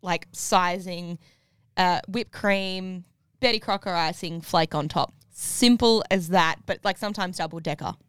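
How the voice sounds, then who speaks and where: A woman's voice: on the low side, a little slow, a bit bright, clean tone, dry recording, clean studio sound. A young woman co-hosting a podcast, telling stories in a giggly, chatty way. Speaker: podcast co-host. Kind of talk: casual chat.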